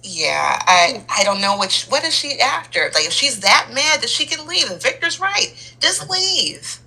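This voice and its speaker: A woman's voice: a little high, big pitch swings, a little slow, pushed and bright, husky, low-quality recording. A woman co-hosting a casual soap opera recap chat, giving exasperated, opinionated takes.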